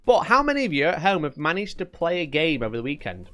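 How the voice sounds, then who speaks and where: A man hosting a live wargaming stream, bantering with his viewers and swearing now and then. His voice sits a touch high and swings up and down as he talks. Faint music plays behind him. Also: big pitch swings, fast, sharp tone. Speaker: wargaming livestream host. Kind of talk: casual live-stream chat.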